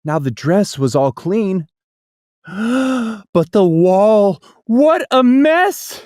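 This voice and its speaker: A storybook narrator with a lively, sing-song voice that rises and falls widely through the rhymes. The pace is slow and deliberate. The sound is close and dry. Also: mid-range voice, dry recording. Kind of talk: storybook read-aloud.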